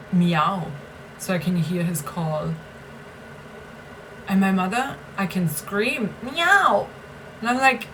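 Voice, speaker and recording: A woman's voice: medium pitch, fairly bright tone, a little hiss or hum, poor audio. A woman venting in a personal vlog, bitter and emphatic, swearing and repeating herself for stress. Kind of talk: agitated personal vlog rant.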